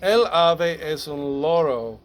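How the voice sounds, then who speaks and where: A man teaching Spanish grammar to English speakers, explaining step by step, halting and correcting himself as he goes. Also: a little high, lively intonation, slight background noise. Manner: slow, halting, with restarts and self-corrections.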